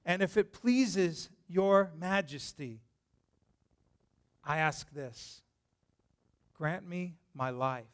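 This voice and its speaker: A man voicing a softly pleading queen. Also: fairly high pitch. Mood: hushed pleading. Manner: soft, slow, solemn pleading. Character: pleading queen begging a king for her life.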